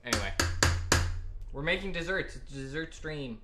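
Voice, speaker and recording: A man's voice: fairly high pitch, animated, normal speed, pushed and bright, soft background music. Chatty man streaming while baking. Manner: chatty, talks to himself and to chat viewers. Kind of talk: casual live-stream chat while baking. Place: home kitchen. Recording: roomy kitchen with clear background noise.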